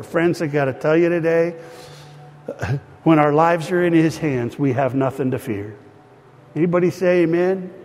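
A man pastor preaches to his congregation and leads them in prayer, in an earnest, direct manner. His voice sits a bit higher than most men's. The sound rings with the long reverb of a church sanctuary. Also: darkish tone. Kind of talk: sermon with prayer.

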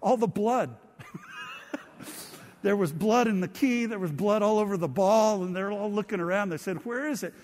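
Guy with a pretty high voice preaching, lively funny storyteller, big echoey hall. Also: a little slow, long pauses, slight background noise. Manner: animated storyteller, laughs at his own stories. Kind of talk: humorous sermon storytelling. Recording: long reverb of a large hall.

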